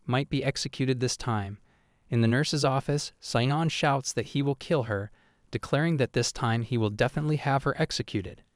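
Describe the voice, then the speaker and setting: A man narrating a comic story recap in a steady, even third-person retelling. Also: medium pitch, no room sound, clean studio sound.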